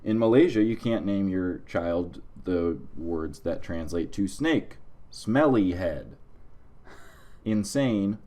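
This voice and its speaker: A man's voice: sits low, expressive, takes it slowly, warm tone. A man co-hosting a comedy podcast, reading out a list of odd facts in a dry, casual way. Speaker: podcast co-host.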